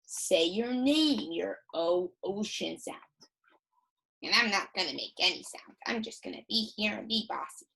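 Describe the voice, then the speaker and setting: A woman voicing a bossy silent letter E that hushedly urges another vowel to say its name, then boasts in quick asides. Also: mid-range voice, expressive, creaky, breathy edge, full character voice, poor audio. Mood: conspiratorial. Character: bossy silent letter E, sly whispering know-it-all.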